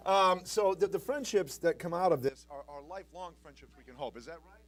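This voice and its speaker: A man's voice: on the high side, a little fast. A man hosting a live charity telethon, joking and hyping up the crowd. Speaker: telethon host. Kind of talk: live emcee banter.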